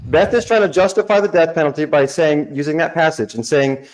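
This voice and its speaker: A man's voice: fairly high pitch, brisk, few pauses, poor audio. A man on a livestream panel who keeps cutting in to push his point in a debate about religion. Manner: interrupts, pushes his point.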